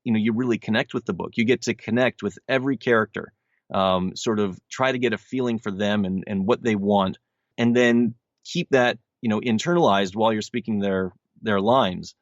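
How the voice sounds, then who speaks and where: A man's voice: fairly low pitch, moderate pace, dry recording. A man in his thirties, an audiobook narrator being interviewed, talking earnestly and rambling with many restarts. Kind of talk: casual interview chat. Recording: slightly dull lo-fi sound.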